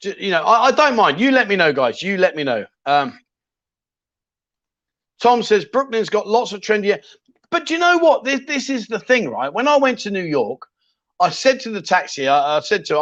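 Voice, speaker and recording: This livestream host's voice sits high and swings widely in pitch, brisk and fairly bright. He chats loosely, jokes and rambles through viewer comments, with plenty of ums and restarts. There's no room sound, and the highs are cut off.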